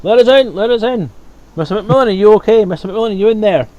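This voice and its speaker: A man's voice: very high voice, sing-song, quick pace, a little mellow, distant mic, lo-fi sound, voice pushed up. Man doing an urgent, pleading station guard. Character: agitated male station guard.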